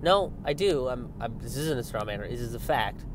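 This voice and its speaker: A young man delivers a loose, sarcastic political rant, swearing freely and slipping into mocking voices. His voice sits at an ordinary pitch for a man. He is outdoors near a road, with faint traffic noise in the background. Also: normal speed. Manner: animated, sarcastic, swears often, mocks opponents in high voices. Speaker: political commentator.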